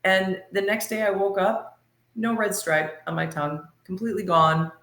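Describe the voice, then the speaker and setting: A woman telling a personal story on a podcast in a lively, laughing way. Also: medium pitch, moderate pace, reverberant. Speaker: podcast guest. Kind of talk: casual storytelling.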